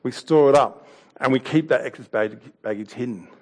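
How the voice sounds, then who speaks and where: Conversational preacher, mid-pitched. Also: male voice, normal speed. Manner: conversational and warm, with laughs and anecdotes. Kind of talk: sermon.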